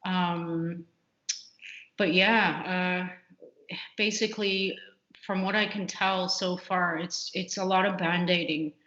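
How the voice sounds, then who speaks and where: Low-voiced woman, echoey lo-fi call. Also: fairly even intonation, takes it slowly, fairly bright tone. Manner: frequent fillers and restarts, candid. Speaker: computational biologist guest. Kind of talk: casual interview answers. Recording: muffled lo-fi audio in a roomy space.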